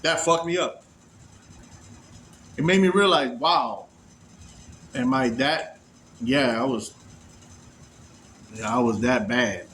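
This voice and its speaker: A man casually telling a story, animated and profane, acting out the voices of the people in it. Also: mid-range voice, takes it slowly, pauses often, a little hiss or hum. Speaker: storyteller recounting prison release.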